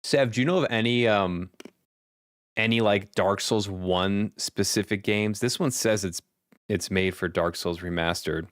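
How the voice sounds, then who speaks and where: Man, low voice, smooth, dry close mic, casual rambling stream chat. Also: unhurried, no echo. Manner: thinks aloud, rambling with fillers.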